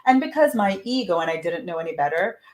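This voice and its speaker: A woman's voice: fairly low pitch, sing-song, fast, a little mellow. Emphatic woman coaching manifestation. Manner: emphatic, repeats phrases for effect. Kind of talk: motivational live talk.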